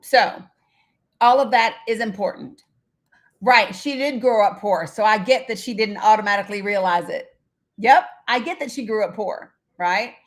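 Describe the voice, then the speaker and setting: A woman's voice: medium pitch, moderate pace. A middle-aged woman hosting a live stream in casual chat, talking straight to her viewers by name, blunt and swearing freely.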